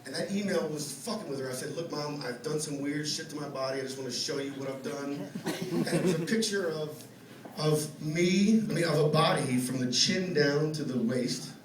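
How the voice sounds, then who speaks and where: A man's voice: fairly high pitch, moderate pace, recorded from a distance, background noise. A man doing a stand-up set in a comedy club, telling profane stories in a conversational way with rhetorical asides to the audience. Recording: roomy club sound from afar with crowd laughter.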